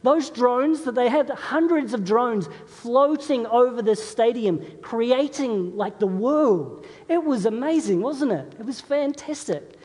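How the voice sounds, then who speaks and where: Pastor preaching in a reverberant hall. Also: male voice, extremely high pitch, expressive, measured pace, a little mellow. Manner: conversational storytelling, asks the congregation questions. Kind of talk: sermon. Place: church. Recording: long reverb of a large hall.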